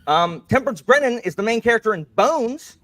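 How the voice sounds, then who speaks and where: A man's voice: very high voice, animated, a little fast, fairly bright tone. A man hosting a bookish quiz game, playful and jokey, reading each clue twice. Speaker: quiz host. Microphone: desk microphone.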